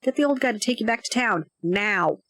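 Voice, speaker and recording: A woman's voice: a little high, expressive, fairly quick, fairly bright tone, dry recording, studio quality, pitched above the performer's own voice. A woman doing a bossy worried cousin on the phone. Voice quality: bossy, blunt.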